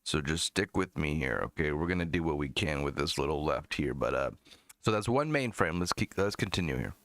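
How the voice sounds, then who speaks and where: An American man hosts a live music review stream, drinking beer while mocking a rapper with profane, jumpy commentary that leaps into high, squeaky outbursts. His expressive voice moves fairly quickly with a fairly bright tone.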